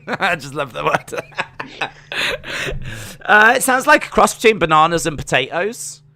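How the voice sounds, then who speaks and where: A man's voice: a little high, sing-song, unhurried, vocal fry, sharp tone. A man co-hosting a podcast, chatting casually in a playful, teasing way. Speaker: podcast co-host. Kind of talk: casual chat.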